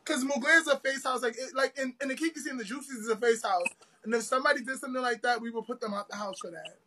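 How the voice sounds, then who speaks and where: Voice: high voice, fast talker, sharp tone, a little hiss or hum. An interview host asking direct questions in casual chat, often repeating words when starting.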